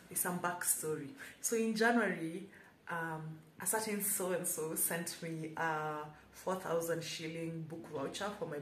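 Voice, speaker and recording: A woman's voice: lowish voice, a bit bright, slight background noise. Chatty woman, echoey room. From Kenya. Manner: chatty, self-mocking, playful asides. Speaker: booktuber. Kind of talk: casual book haul vlog. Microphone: camera held by someone else.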